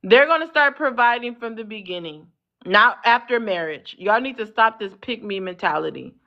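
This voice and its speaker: A woman with a high voice hosts a live panel debate and talks in a bossy way, interrupting often to take back the floor. Her audio comes through dull and lo-fi, like a live stream. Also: expressive, normal speed. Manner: bossy, cuts in, hold on repeatedly. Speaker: talk show host.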